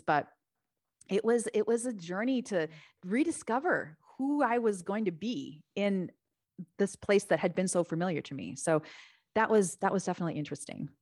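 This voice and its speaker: A woman guest on a podcast, telling her own story in a chatty, animated way and sometimes acting out other people's voices. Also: fairly low pitch, no room sound, clean studio sound. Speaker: podcast guest, author and Bible teacher. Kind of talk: casual storytelling.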